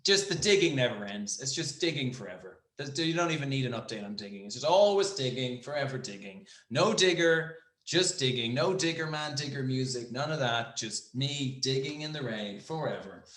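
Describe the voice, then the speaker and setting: A man's voice: mid-range voice, expressive, normal speed, few pauses, fairly bright tone. A man co-hosting a podcast, chatting casually in a rambling, jokey way. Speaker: podcast co-host. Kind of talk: casual chat. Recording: roomy echo.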